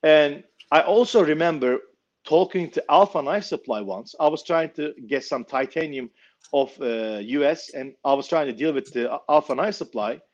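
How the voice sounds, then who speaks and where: A knife maker telling a story casually, blunt and swearing freely. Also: male voice, fairly high pitch, normal speed, highs cut off.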